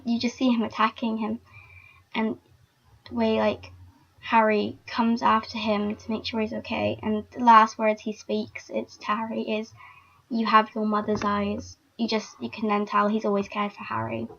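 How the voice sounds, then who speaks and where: A woman's voice: fairly high pitch, completely flat delivery, moderate pace, gravelly, fairly bright tone. A young woman vlogging casually, chatty and emotional, with lots of filler words. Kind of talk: casual fan vlog. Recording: dull lo-fi recording.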